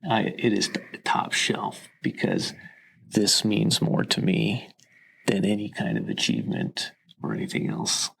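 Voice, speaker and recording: A middle-aged man, an army chaplain, giving slow, measured, reflective interview answers. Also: fairly low pitch, big pitch swings, gravelly, fairly bright tone, breathy edge. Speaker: army chaplain, podcast guest.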